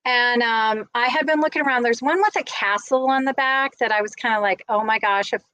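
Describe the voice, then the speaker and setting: Gushing, higher-voiced woman vlogger. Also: a little fast, bright, forceful tone, smooth, low-quality recording. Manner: gushing, chatty, rambling. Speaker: vlogger host. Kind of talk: casual recap chat to viewers.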